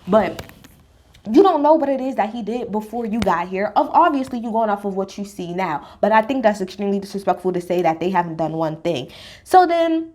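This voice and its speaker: A woman giving a casual reality TV recap, blunt and profane, talking with emphatic jumps in pitch. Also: animated, fairly quick, mellow.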